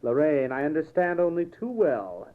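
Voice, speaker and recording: A man's voice: a little high, very animated, moderate pace, phone-quality sound. A man reading a comedy play aloud, voicing an imperious critic with dry, cutting sarcasm. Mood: sarcastic. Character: acerbic, imperious male celebrity critic. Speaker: amateur reader performing a comedy play. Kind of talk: read-aloud play scene.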